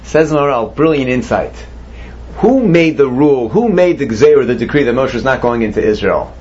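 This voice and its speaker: A man's voice: mid-range voice, animated, brisk, a little mellow, a little hiss or hum. A man teaching a Torah class, posing questions to his students and mixing Hebrew terms into his explanations. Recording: dull lo-fi recording.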